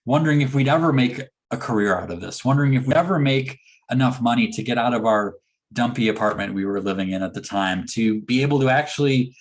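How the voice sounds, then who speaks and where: A man's voice: mid-range voice, breathy edge. A man giving a motivational keynote talk, telling a story and acting out the dialogue. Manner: animated storyteller who acts out dialogue. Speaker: motivational speaker.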